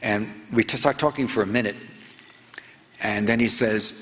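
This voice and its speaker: Rambling older man in an echoey hall. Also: on the low side. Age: 70s. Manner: rambling, halting, full of fillers and restarts; prods the audience with quick questions. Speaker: reporter giving a talk to students. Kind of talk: lecture storytelling with audience questions. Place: lecture hall. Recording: echoey hall, dull lo-fi sound.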